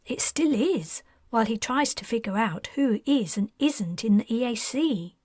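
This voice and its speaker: Woman doing a composed, matter-of-fact woman, breathy, close. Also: fairly high pitch, animated, unhurried, a little mellow, dry recording. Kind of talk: audiobook character voice.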